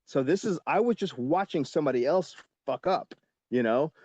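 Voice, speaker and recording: A man in his forties, a guest actor on a podcast, telling a casual and lively story with lots of fillers and the odd swear word. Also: a little high, moderate pace, no room sound, highs cut off.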